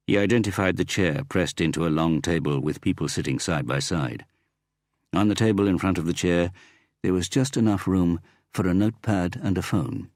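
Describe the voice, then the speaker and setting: An audiobook narrator reads a crime novel from script, his delivery measured yet expressive. His voice is low-pitched, and the studio-quality recording has no room sound.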